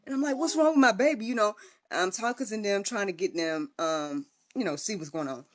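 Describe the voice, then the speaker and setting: A woman's voice: medium pitch, moderate pace. A young woman telling a personal story in a casual livestream, chatty and full of fillers and restarts. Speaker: vlogger and podcast host.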